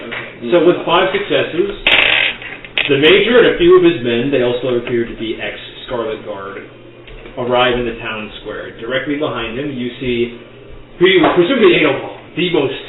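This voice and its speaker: A man's voice: medium pitch, moderate pace. Casual man running a tabletop game. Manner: casual, rambling, joking. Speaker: game master. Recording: tinny, echoey, noisy online call from far off.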